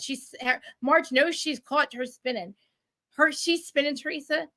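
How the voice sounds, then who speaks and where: A woman ranting in casual chat, animated and profane, with many restarts. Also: high voice, dry recording. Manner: rapid, profane, animated rant with frequent restarts. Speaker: guest commentator. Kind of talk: casual chat recapping a reality show.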